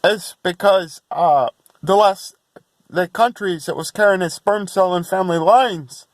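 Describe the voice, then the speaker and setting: A man's voice: high voice, measured pace, dry recording. A man talking to camera in a rambling vlog monologue, restarting and repeating himself, and at times chanting long runs of made-up syllables in a raised voice.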